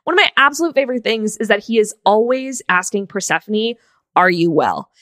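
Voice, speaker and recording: A woman's voice: on the high side, expressive, quick pace, a bit bright, no room sound. A woman co-hosting a podcast, gushing and giggling as she talks, with casual swearing. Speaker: podcast co-host. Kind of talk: casual chat.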